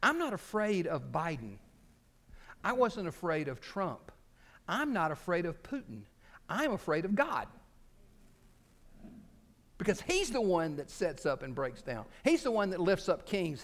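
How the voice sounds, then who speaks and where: A man preaching with a lively, swooping voice that sits a little high. He talks to his congregation in a casual, animated way, slipping into quoted voices as he tells the story. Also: measured pace, long pauses. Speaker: pastor. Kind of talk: sermon.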